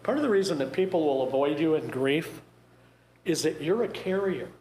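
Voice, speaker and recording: A man's voice: fairly high pitch, expressive, moderate pace, darkish tone. Wry man speaking in an echoey room. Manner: wry, conversational, joking asides. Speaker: grief presenter. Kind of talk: talk to a group. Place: church meeting room. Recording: echoey room with faint noise.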